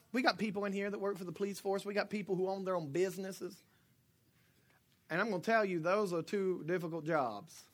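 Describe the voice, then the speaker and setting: A middle-aged pastor delivers a sermon, joking with his congregation as he swings between quiet asides and loud shouts. His voice sits high.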